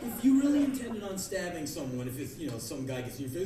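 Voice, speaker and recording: A man in his thirties giving a sarcastic, ranting spoken word monologue on a club stage, acting out the people he mocks with sudden shouts. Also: fairly high pitch, very animated, fairly quick, background noise. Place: large concert club stage. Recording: echoey live club recording from a distance, crowd laughter.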